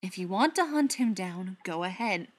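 A woman reads as a male leader of a vampire gang, firm and impatient, with a sharp edge to his voice. It is delivered as an audiobook in a mid-pitched voice. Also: expressive, normal speed, close to an everyday voice. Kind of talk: audiobook reading.

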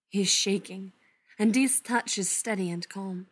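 A woman narrates a story slowly and gently, letting lines settle before moving on. Her delivery is soft and often sinks almost to a whisper. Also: mid-range voice, slightly rough. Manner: soft, unhurried, often hushed. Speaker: reader. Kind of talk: storybook narration read aloud.

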